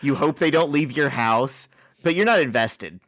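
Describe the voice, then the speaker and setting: A man co-hosting a podcast in casual chat, with relaxed, enthusiastic commentary, close to the mic. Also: a little high, normal speed, no echo. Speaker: podcast co-host.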